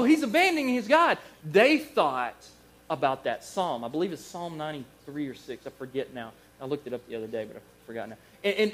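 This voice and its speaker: A man preaching a Bible lesson, telling the stories in a lively, animated way and acting out the figures he quotes. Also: sits high. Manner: animated storyteller, acts out quoted voices, chuckles. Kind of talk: Bible teaching sermon.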